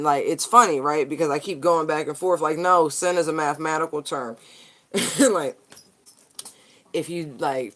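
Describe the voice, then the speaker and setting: A person giving a casual tarot card reading straight to viewers, animated, slangy and profane. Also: medium pitch.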